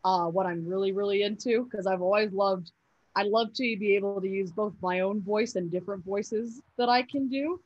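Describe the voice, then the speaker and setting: A woman's voice: medium pitch, fairly even intonation, normal speed, no room sound. A young woman answering interview questions casually, hesitant, with many fillers and restarts. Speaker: interview guest. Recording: dull, dry sound.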